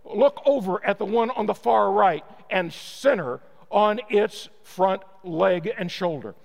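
A man voicing a seasoned male professional hunter who gives calm, firm instructions. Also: high-pitched, slow pace, vocal fry, big-room sound, exaggerated voice.

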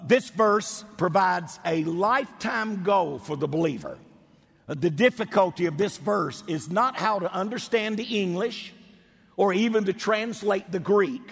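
A man's voice: high voice, husky, in a large hall. A male pastor preaching a sermon with emphasis, drawing out key words.

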